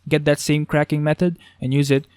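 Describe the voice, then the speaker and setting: A man teaching a beatbox vocal technique in a casual tutorial, talking haltingly with restarts as he works out how to explain it. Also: on the high side, fairly even intonation, a little mellow, clear, resonant tone. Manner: halting, restarts, thinks aloud.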